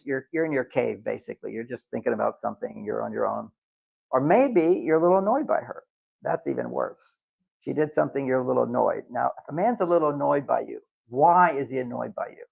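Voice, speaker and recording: A man's voice: medium pitch, creaky, breathy edge, highs cut off. A man giving a live talk to an audience, lecturing and acting out quoted voices. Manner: lecturing, acts out quoted voices with lively swings. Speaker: workshop speaker.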